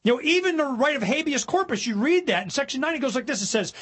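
A middle-aged man hosting a talk show, telling stories in a rambling, animated way and mimicking other people in high mocking voices. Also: fast. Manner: rambling, with repetitions and restarts. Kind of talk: casual monologue.

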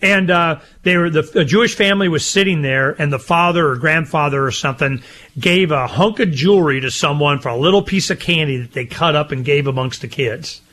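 An older man co-hosting a casual talk show, rambling and animated, with loud laughs. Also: a little high, brisk. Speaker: co-host. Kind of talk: casual chat.

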